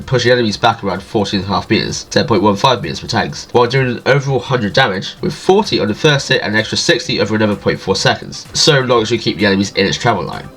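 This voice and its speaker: A man's voice: lowish voice, a bit bright. A man with a nasal, allergy-stuffy voice reading a scripted gaming guide as a voice-over, jokey and self-deprecating. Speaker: video game guide creator.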